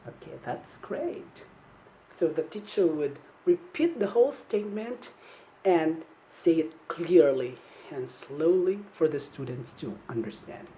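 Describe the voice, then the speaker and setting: A woman giving an online English teaching demonstration, modeling polite classroom phrases slowly and clearly for young learners to repeat. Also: low-pitched, animated, dark tone, slight background noise, poor audio. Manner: slow, clear, encouraging, modeling phrases for repetition.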